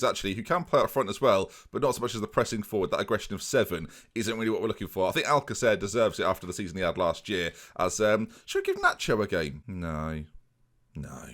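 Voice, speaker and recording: Male gaming commentator, casual and chatty, pitch that jumps about a lot. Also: a bit bright. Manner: chatty, self-mocking, talks to viewers. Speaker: game commentator and YouTuber.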